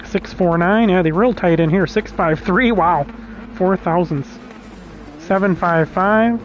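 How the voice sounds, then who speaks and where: A man's voice: high voice, unhurried, slight background noise. A man casually commenting on his own sim race as a streamer, chatty and laughing often, reading out lap times. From United States.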